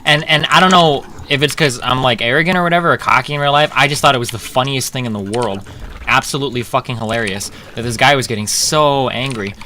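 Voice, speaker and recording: A man's voice: mid-range voice, quick pace, a little hiss or hum. A man streaming, telling a rambling poker story full of profanity, with fillers and restarts. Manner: profane, rambling, gets loud and laughing.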